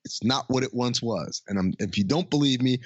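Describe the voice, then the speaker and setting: A man's voice: medium pitch, brisk, husky, no echo. Male podcast co-host, crude joker, muffled dry studio mic. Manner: crude joking, reads out his own notes. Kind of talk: casual movie review chat.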